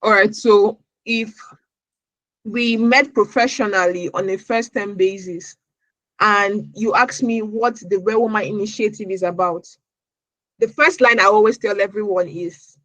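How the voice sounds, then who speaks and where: A woman's voice: mid-range voice, fairly even intonation, unhurried, fairly bright tone, no echo, poor audio. A woman from Nigeria answering interview questions as a podcast guest, earnest, often repeating words as she searches for her phrasing.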